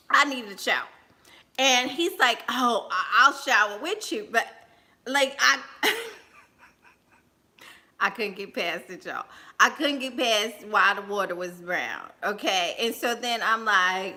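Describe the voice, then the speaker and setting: High bright-voiced woman telling a story. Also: a little slow. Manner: laughs often, animated and talking to viewers. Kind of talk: casual storytime livestream.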